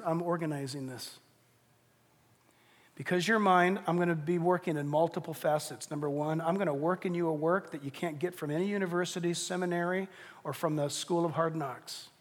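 A middle-aged man preaching a sermon as pastor, telling a story with animated delivery and acting out the voices of the people in it. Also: a little high. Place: church sanctuary. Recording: long reverb of a large hall.

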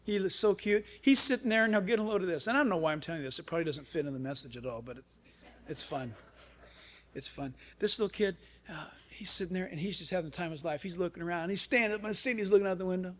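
A man preaching with a high, light voice. He tells a story with lots of energy and acts out the voices of the people in it. The talk is a sermon for radio. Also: fast talker, a bit bright. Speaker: pastor.

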